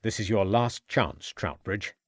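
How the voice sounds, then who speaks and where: A man's voice: fairly low pitch, a little slow, no room sound, clean studio sound. A man voicing a stern, shrewd police inspector in an audiobook, firm and pressing in his questioning. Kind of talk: audiobook character voice.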